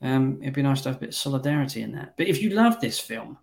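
Guy hosting a film podcast, blunt and sweary, dry humour, middle-of-the-road pitch. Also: sing-song, fast talker, vocal fry, a little mellow. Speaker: podcast host. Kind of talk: casual film review chat.

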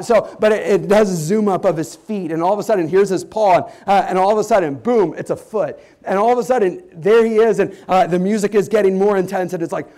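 A young man preaching a sermon as a pastor, telling a story in an animated way with many restarts and fillers. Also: sits high. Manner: animated storytelling, rising to excited shouts.

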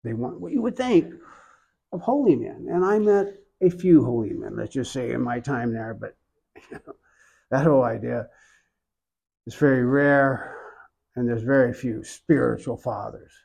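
An older man from Oklahoma with an Oklahoman accent, telling his own story in an interview in a reflective, unhurried way with soft asides. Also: medium pitch, gravelly, breathy edge, rough recording.

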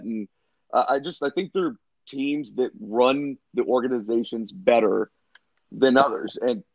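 A man's voice: mid-range voice, dry recording. Man, laid-back sports podcast chat, casual swearing, dry close sound, slightly muffled audio.

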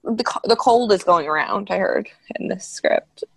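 A woman's voice: mid-range voice, moderate pace, creaky, breathy edge. A woman in casual chat, teasing and laughing often.

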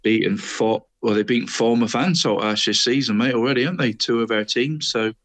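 Co-host, excitable chatterer, dry close recording, man who peppers every line with "mate". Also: medium pitch, a little fast, no echo. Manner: chatty, says "mate" constantly, apologetic and excitable. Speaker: co-host of a local football podcast. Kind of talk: casual chat.

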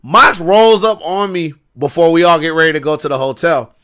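A man telling wrestling stories on a podcast, animated and slangy, often repeating himself. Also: fairly high pitch, moderate pace, smooth. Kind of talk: casual podcast storytelling.

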